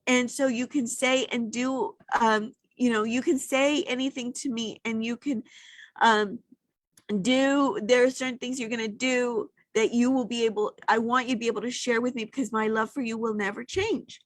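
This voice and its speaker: A woman's voice: fairly high pitch, fairly even intonation, moderate pace, dry recording. A middle-aged woman co-hosting a casual chat, speaking in a heartfelt, reflective way. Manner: heartfelt and reflective, gets emotional. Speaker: podcast co-host.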